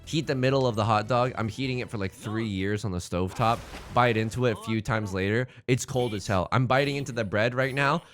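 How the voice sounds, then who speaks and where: A young man giving casual, rambling commentary as he plays a tile game, excitable and self-deprecating, often repeating his words. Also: mid-range voice, a little fast, hardly any pauses, soft background music. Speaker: let's play host.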